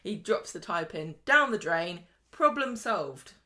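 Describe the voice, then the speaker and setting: A woman's voice: lowish voice, sing-song, unhurried, bright, forceful tone. A woman hosting a podcast, recapping a soap in chatty, joking talk. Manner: chatty, jokey, acts out characters' lines. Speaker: podcast host. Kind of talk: casual soap recap chat.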